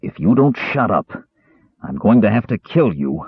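A man's voice: on the low side, big pitch swings, normal speed, slightly rough, no room sound, highs cut off, full character voice. A man voicing a big, grumpy, hungover warrior who mutters and growls through clenched teeth.

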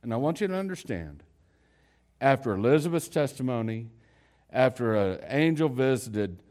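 A man's voice: sing-song, normal speed. Man preaching a conversational sermon. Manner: storytelling, conversational with fillers and restarts; swings from loud emphasis to quiet, low delivery.

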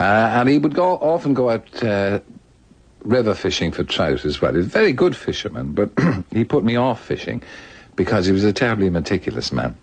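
A man's voice: deep voice, no echo. An older Irish man telling stories in a radio conversation, laughing often and slipping into little voices. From Ireland. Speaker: guest author.

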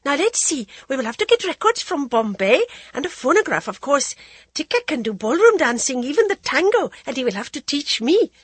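A woman reading an audiobook, voicing an excitable, defiant teenage princess in high, loud outbursts. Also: a little fast, dry recording. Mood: elated.

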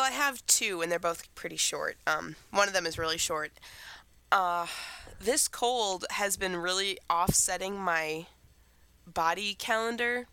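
Bright-voiced teenage girl chatting. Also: fairly low pitch, smooth, dry recording. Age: teens. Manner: rambling, chatty. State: recovering from a cold. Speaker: podcast co-host. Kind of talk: casual chat.

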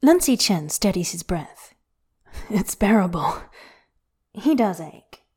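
A woman reading a story aloud with an intimate, hushed delivery that slips into whispers. Her tone is mellow and warm. The pitch sits in a middle range for a woman. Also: sing-song, slow pace, slightly rough. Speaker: podfic reader. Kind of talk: expressive story narration.

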